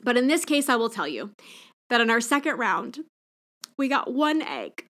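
A woman's voice: on the high side, very animated, normal speed, fairly bright tone. A woman hosting a podcast, speaking candidly and emotionally in a reflective personal monologue. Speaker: podcast host.

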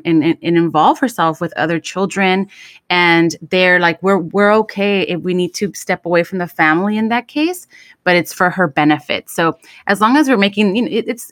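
A woman's voice: lowish voice, a bit bright, dry recording, clean studio sound. A woman co-hosting a casual podcast chat, dropping Spanish words into her English. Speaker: podcast co-host.

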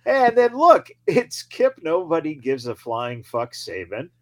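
A man's voice: fairly high pitch, sing-song, measured pace, no room sound. A man co-hosting a podcast, mocking wrestling shows with laughter and swearing in casual chat. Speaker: podcast co-host.

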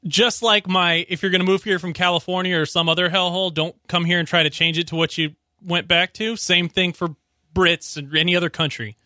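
A blunt, opinionated man chiming in on a sports radio chat, with a very sharp, tense tone and a fairly high pitch. The sound is dry and close, with no room echo. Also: steady tone, a little fast. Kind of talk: casual radio banter.

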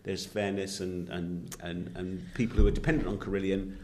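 A man's voice: low voice, little pitch movement, moderate pace, a little mellow, a little hiss or hum. A man co-hosting a podcast in casual, jokey chat, often restarting his sentences. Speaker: podcast co-host.

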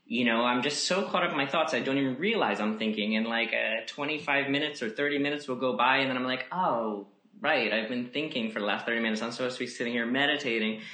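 A man speaking as a podcast guest on yoga, in a gentle, musing way, full of "you know" fillers. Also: medium pitch, echoey room. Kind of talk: reflective casual conversation.

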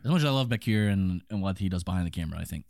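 A man's voice: low-pitched, lively intonation, very fast, creaky, darkish tone, no echo, studio quality. A man with a Southern American accent co-hosting a casual film podcast, hesitant and full of fillers as he steers the segments. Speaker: podcast co-host.

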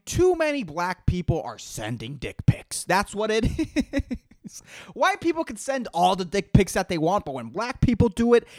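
A solo podcast host in full comedic rant mode, swearing freely and tripping over repeated words as the thoughts tumble out. The voice swings widely up and down in pitch. It sounds dry and close, with no room around it. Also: no echo. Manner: profane, rambling, repeats words while searching for them; exasperated, calls out to an imagined listener.

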